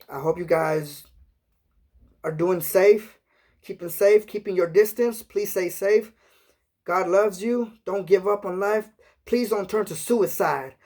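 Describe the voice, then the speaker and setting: A man's voice: high voice, a little slow, darkish tone. A man talking casually on a live stream, rambling and earnest, sprinkling his talk with "man" and "you know". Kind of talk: casual live-chat monologue.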